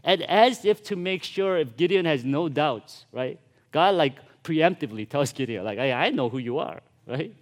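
Pastor, male, lively storytelling sermon with playful asides, slightly high voice. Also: normal speed. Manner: animated storytelling, acting out voices with casual asides.

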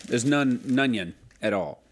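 A man's voice: mid-range voice, animated, unhurried. Guy rambling in a casual chat, crude and loose. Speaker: podcast co-host.

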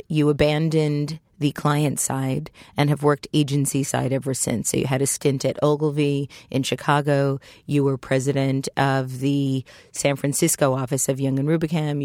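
A woman's voice: very deep voice, darkish tone, no room sound, studio quality. A woman hosting an interview, asking questions in an inquisitive manner and laughing easily. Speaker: podcast host. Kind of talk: interviewing a guest.

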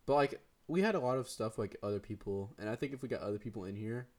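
A man's voice: on the low side, quick pace, a little mellow. A teenage boy co-hosting a podcast, chatting casually with a friend, slangy and rambling, laughing often. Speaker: podcast co-host. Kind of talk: casual chat between friends.

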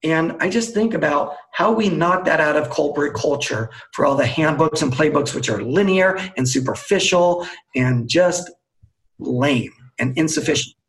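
Gravelly-voiced man telling a story. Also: a little high, normal speed, low-quality recording. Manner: lively storyteller who acts out dialogue. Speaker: guest, team storytelling coach. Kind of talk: animated anecdote telling in a live webcast interview. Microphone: video call.

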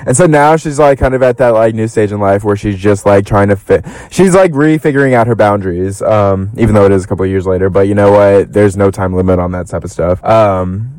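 A young man hosting a podcast, chatting about reality TV in a casual, animated way, full of fillers and swearing, with high-pitched bursts when he quotes people. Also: a little fast, few pauses, dry recording, rough recording. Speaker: podcast host. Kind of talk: casual gossip commentary.

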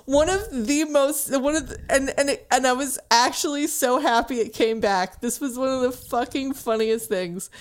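A woman's voice: moderate pace, few pauses. A woman co-hosting a podcast in casual chat, recapping a romance novel and acting out the characters with big laughs. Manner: animated, acts out characters with big pitch jumps and laughter. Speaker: podcast co-host.

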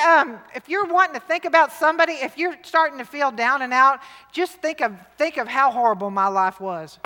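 A middle-aged woman, preaching to a women's rally with lively, emphatic, jokey swings between loud and hushed. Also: high-pitched. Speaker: women's conference speaker. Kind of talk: sermon. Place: large church hall. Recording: long hall reverb.

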